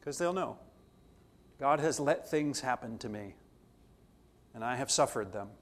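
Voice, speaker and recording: A man's voice: mid-range voice, animated, unhurried. A man teaching a theology class, talking conversationally and acting out dialogue from his own stories. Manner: conversational, acts out dialogue in anecdotes. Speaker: theology lecturer.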